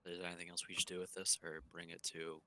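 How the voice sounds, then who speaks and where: A man's voice: low voice, monotone, fast talker, background noise. A young man playing in a tabletop game, blunt and swearing freely. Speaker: player. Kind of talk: casual chat in a tabletop game.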